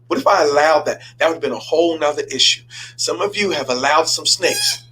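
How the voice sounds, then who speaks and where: A man, a pastor hosting a show, telling a story in a lively sermon style, repeating himself and stumbling over words as he goes. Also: a little high, a little fast, slight background noise, poor audio. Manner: animated, repeats himself and stammers.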